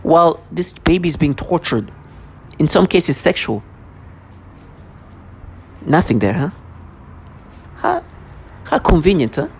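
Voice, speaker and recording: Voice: mid-range voice, very animated, takes it slowly, vocal fry, pauses often, a little mellow, slightly rough. A vlogger ranting to camera in an agitated, accusatory way, full of sarcasm and stammered restarts.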